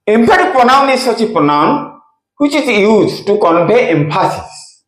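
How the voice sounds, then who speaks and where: A man's voice: high-pitched, very animated, moderate pace, fairly bright tone. A man teaching grammar, who repeats key phrases and answers his own questions. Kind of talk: slow explanatory lesson. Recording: echoey room.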